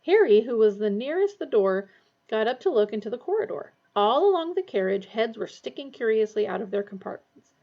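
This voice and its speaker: A woman's voice: on the high side, fairly quick, creaky, lo-fi sound. Woman reading a storybook aloud. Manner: steady, expressive reading. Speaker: audiobook reader. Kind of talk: storybook narration.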